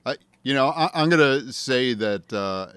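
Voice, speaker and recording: A man hosting a casual interview, praising his guest in a halting way with many restarts. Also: mid-range voice, lively intonation, a bit bright, smooth, no room sound. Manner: halting, full of restarts and fillers when praising. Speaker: podcast host.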